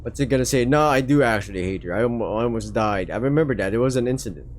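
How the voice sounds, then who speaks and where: A man's voice: medium pitch, animated, racing, a little hiss or hum. A man with a Filipino accent reading a visual novel aloud and breaking off into rambling, jokey asides that trip over themselves. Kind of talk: casual let's-play commentary and reading.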